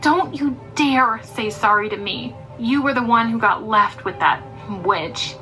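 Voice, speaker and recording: A woman's voice: a little high, a little slow, bright, forceful tone, poor audio. A woman voicing a loyal young adult sister who speaks in a tearful, pleading way. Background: background music.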